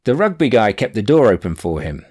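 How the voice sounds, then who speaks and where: Lively man narrating his audiobook. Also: on the low side, a little fast, husky. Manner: animated, wry storytelling. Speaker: author narrating his own book. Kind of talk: audiobook narration of a personal anecdote.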